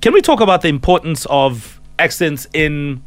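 A man's voice: on the high side, animated, moderate pace, no echo. A man from South Africa co-hosting a morning radio show, asking enthusiastic, curious questions. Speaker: radio co-host. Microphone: studio microphone.

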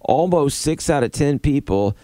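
A man's voice: fairly high pitch, animated, normal speed, mellow, dry recording. A middle-aged man co-hosting a morning radio show, chatting through study findings with his co-hosts.

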